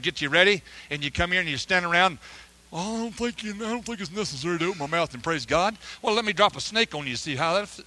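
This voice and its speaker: A middle-aged man preaching a sermon with personal testimony, telling his story with animated energy, stammered restarts and frequent hallelujahs. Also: sits high, no room sound. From United States. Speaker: preacher, missionary.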